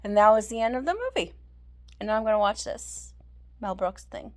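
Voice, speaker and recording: A woman's voice: medium pitch, lively intonation, fairly quick, a little mellow. A woman vlogger chatting casually and rambling through a film's plot, full of fillers and restarts, acting out the characters' lines. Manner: rambling, many fillers and restarts, acts out quotes. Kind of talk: casual chat recapping a film.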